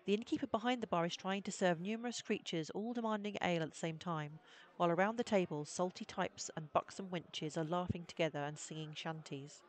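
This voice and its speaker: A woman's voice: on the low side, a little fast. A woman live-streaming a story game, reading its text aloud and adding wry, laughing asides.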